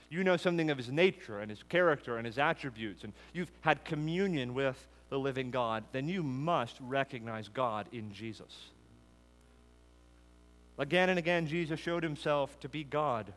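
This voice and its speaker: A male preacher delivers an expository sermon from a church sanctuary, his fairly high voice rising through emphatic lists before falling quiet and low. Long reverb from the hall trails each phrase. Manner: emphatic, building lists to a peak then dropping low.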